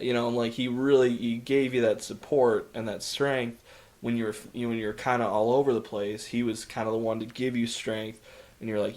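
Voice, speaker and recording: Male podcast co-host, relaxed film-review banter, enthusiastic and quick to laugh. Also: medium pitch. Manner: enthusiastic, laughs often, loves dark films. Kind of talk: casual film review chat. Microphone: podcast microphone.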